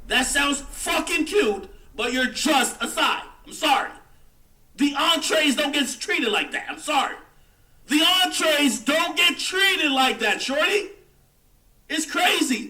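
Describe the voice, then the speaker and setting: A man's voice: sits high, sharp tone, roomy sound, distant mic. A man hosting a livestream, delivering a heated, mocking rant in casual commentary. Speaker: livestream host.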